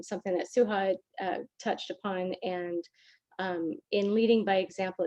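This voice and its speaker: A woman's voice: medium pitch, warm tone, dull audio. A woman who owns a business, speaking on a panel in a thoughtful, emphatic way. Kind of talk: panel discussion.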